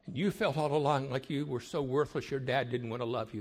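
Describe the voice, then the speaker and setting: An older man, a marriage counselor, gives an emphatic sermon-like talk to young people, building repeated phrases and sometimes dropping to a hush. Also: mid-range voice, fairly even intonation, a little fast, hardly any pauses. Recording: long hall reverb.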